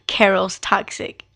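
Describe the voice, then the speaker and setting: A young woman hosting a podcast, telling a personal family story in a candid, emotional way and swearing freely. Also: pushed and bright. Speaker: podcast host.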